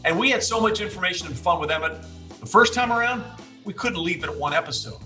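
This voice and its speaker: A man's voice: high voice, lively intonation, fast, sharp tone, soft background music, rough recording. A man hosting a podcast interview, upbeat and setting up questions for his guest. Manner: upbeat, scripted toasting intro. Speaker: podcast host.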